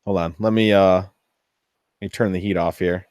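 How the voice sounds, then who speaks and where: A man hosting a casual workshop build vlog, chatty and thinking aloud as he tests his machine, easily excited when something works. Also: low voice, normal speed, clear, resonant tone, dry recording, studio quality. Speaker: 3D printing hobbyist host.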